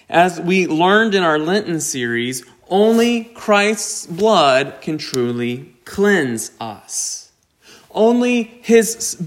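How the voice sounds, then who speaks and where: A man preaching a sermon, slow and deliberate, with emphatic rises on key points. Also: on the high side. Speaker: pastor.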